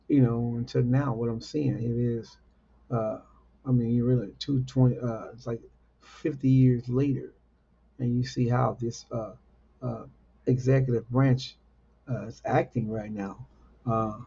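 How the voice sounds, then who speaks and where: A host gives informal political commentary, repeating rhetorical questions and using many fillers. His husky, gravelly voice is mid-range and warm, and the recording sounds muffled.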